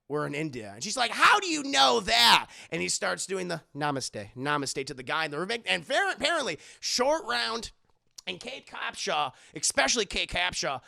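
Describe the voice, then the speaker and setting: Bright, gravelly, high-voiced guy ranting. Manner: rambling, profane, keeps addressing the chat; acts out characters' lines as he retells scenes. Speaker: movie reviewer and livestreamer. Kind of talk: casual livestream movie recap.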